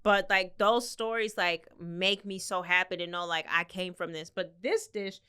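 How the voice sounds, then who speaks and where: Bright, clear-voiced woman podcast host. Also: lowish voice, steady tone, normal speed. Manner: chatty, warm and effusive. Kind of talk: casual interview chat.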